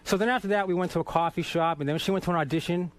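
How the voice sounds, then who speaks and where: High-voiced man telling profane stories. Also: rapid-fire, a little hiss or hum. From Boston. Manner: profane, self-mocking, acts out quoted dialogue. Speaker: guest singer. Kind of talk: anecdotal storytelling.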